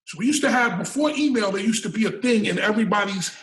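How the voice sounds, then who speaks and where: High-voiced man telling a profane story. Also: animated, fast talker, fairly bright tone, recorded from a distance. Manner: profane, emphatic, repeats words when building a point. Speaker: podcast guest. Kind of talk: storytelling in casual interview. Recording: roomy and off-mic.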